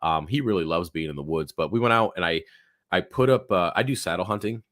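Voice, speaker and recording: A man hosting a live Q&A stream from his office, chatting casually and rambling with lots of fillers, his voice hoarse and going. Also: deep voice, fast talker, no room sound, clean studio sound. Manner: rambling, relaxed, many fillers and restarts. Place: home office.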